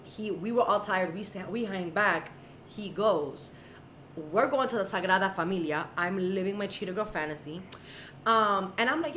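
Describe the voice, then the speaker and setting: A young woman co-hosts a casual podcast, telling her story with plenty of life and acting out the other people's lines. Her voice sits at an ordinary middle pitch. It carries a roomy echo with a faint hiss underneath. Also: moderate pace. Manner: animated, acts out voices in her stories. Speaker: podcast co-host. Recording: echoey room with faint noise.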